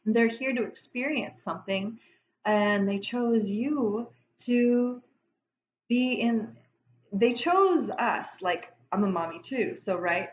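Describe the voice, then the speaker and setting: A tarot reader gives a casual spiritual reading to the camera, rambling off on tangents and interrupting herself in a warm-hearted way. Her voice is a little high, with lively intonation and a slow pace. The recording is reverberant and muffled, with a little hiss or hum.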